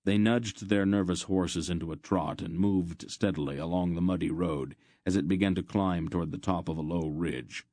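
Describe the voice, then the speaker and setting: A man narrating an audiobook in a steady, measured way. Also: sits low, no room sound, studio quality.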